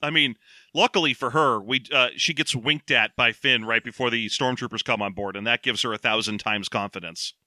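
A man's voice: mid-range voice, a little fast, bright, forceful tone, no room sound. A man co-hosting a casual podcast, recapping a story in a joking, rambling way. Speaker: podcast co-host. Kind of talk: casual book-discussion chat.

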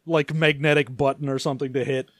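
A man's voice: mid-range voice, little pitch movement, fast, no echo, clean studio sound. A man co-hosting a podcast, bantering and laughing through a story recap. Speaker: podcast co-host. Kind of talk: casual comedic book recap.

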